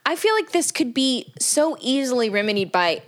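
A woman's voice: sits high, sing-song, moderate pace. A woman co-hosting a podcast, casually analyzing an episode's story structure in a wry, analytical way and laughing often. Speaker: podcast co-host.

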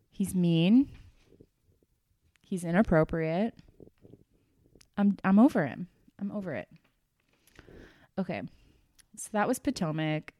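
Slow, mellow-voiced woman gossiping. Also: fairly low pitch, clear, resonant tone, no echo, clean studio sound. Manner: gossipy, exasperated storytelling with laughs. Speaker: reality TV recap host. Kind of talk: casual chat.

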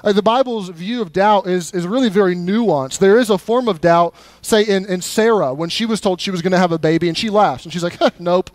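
A male pastor preaching a sermon in a church in a conversational, animated way, often repeating words as he goes. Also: high-pitched, a little fast, hardly any pauses, no room sound. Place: church sanctuary.

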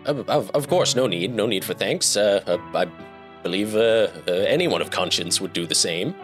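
A man's voice: on the low side, lively intonation, moderate pace, a bit bright, faint music behind. A man voicing a kind, flustered tiefling man who welcomes guests into his home, stammering politely.

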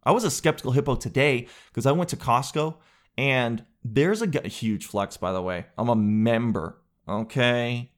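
Male solo podcast host, rambling comic riffs, mid-range pitch. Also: moderate pace. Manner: rambling, jokey, riffing with crude asides. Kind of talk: solo comedic podcast chat.

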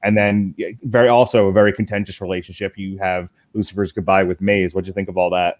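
A man's voice: deep voice, flat delivery, no echo. A man hosting a casual TV review chat, steering it with brief remarks. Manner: brief, steering the talk, quick to laugh.

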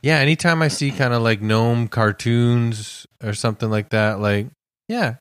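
A male comedian guesting on a podcast, riffing casually on absurd bits in deadpan fashion. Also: medium pitch, normal speed, clear, resonant tone, no room sound, clean studio sound.

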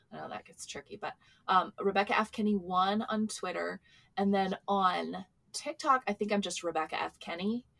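A woman author as a podcast guest, talking casually, shy and giggly, often trailing off softly. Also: mid-range voice.

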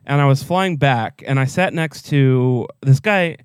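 A man's voice: medium pitch, measured pace, smooth, no room sound, clean studio sound. A man co-hosting a podcast in casual chat, telling stories and laughing often. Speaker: podcast co-host.

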